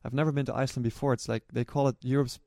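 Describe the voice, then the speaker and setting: A man's voice: medium pitch, fairly even intonation, rapid-fire, creaky, a little mellow, dry recording, studio quality. A man, a relay runner and organizer, recalls his experiences in an earnest storytelling way, often restarting his sentences. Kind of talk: personal recollection to camera.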